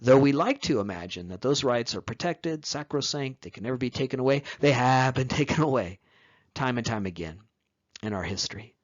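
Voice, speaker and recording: A man's voice: medium pitch, lively intonation, fairly quick. Man lecturing on history, lo-fi. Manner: conversational, with rhetorical asides and emphatic rises.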